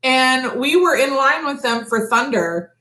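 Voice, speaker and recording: A woman's voice: high-pitched, expressive, unhurried. A woman co-hosting a casual live stream who chimes in with details and calls herself shy. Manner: soft-spoken, self-described shy, chimes in with details. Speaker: co-host. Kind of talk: casual chat. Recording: roomy echo.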